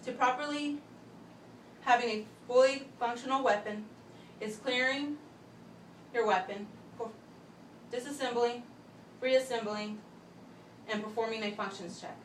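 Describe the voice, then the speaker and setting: A young woman giving a step-by-step class demonstration speech, talking methodically with pauses and restarts. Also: a little high, steady tone. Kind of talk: step-by-step instructional demo. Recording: echoey room, voice from a distance, faint background hum.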